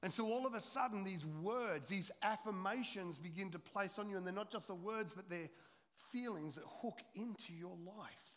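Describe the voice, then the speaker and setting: A middle-aged man preaching a sermon as a pastor, swinging between loud urgency and hushed, intimate storytelling. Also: high voice, normal speed. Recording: long hall reverb.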